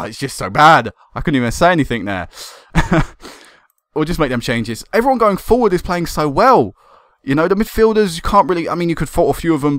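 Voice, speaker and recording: Excitable young gaming commentator. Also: male voice, on the high side, no room sound, clean studio sound. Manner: excitable, swearing and laughing at goals. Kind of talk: casual game commentary.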